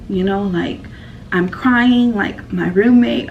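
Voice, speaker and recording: A woman's voice: mid-range voice, slow, slight background noise. Rambling woman vlogger, distant mic. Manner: rambling, filler-heavy, emotional retelling. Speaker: vlogger telling a story. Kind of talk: casual story time.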